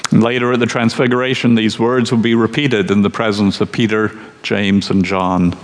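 A man delivering a sermon in a measured, emphatic teaching voice. His voice sits fairly low. A long reverb trails his words, as in a large church hall, with a faint hiss underneath. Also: little pitch movement. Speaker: preacher.

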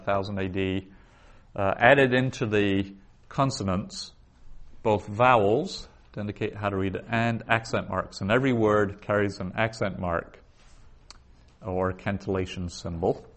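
Patient lecturing man, lowish voice. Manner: explanatory, patient, with pauses and fillers. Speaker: teacher. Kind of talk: classroom lecture. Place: classroom.

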